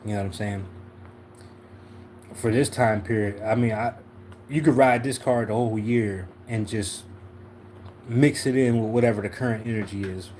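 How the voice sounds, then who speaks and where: Slight background noise sits behind a man whose voice is on the low side, steady, and a little mellow, at normal speed with long pauses. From Philadelphia, he hosts a slangy, laid-back livestream tarot reading, often saying "you know what I'm saying."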